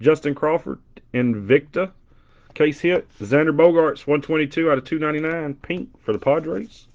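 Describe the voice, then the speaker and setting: A man's voice: on the high side, moderate pace. A middle-aged man with a Southern twang, joking and bantering with his chat while opening a box of trading cards. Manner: joking, animated banter with chat, loud impressions. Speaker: card breaker. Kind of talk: casual live card-break chat. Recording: dull lo-fi stream audio.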